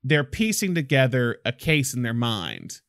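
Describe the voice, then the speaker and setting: Man, mid-pitched voice, excited film talk, dry close sound. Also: measured pace, dry recording. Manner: enthusiastic, acts out film quotes. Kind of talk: casual film discussion.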